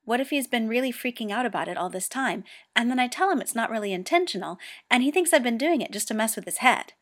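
A woman's voice: a little high, animated, fast talker, fairly bright tone, voice pushed up. A woman reading a story aloud and voicing a flustered, defensive teenage boy Go player who talks in raised, indignant bursts. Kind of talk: amateur audiobook reading.

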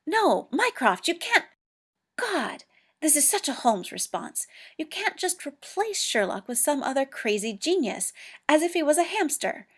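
A woman's voice: on the high side, animated, measured pace. A woman voicing a grieving, prickly former soldier who talks in terse, defensive bursts. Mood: angry.

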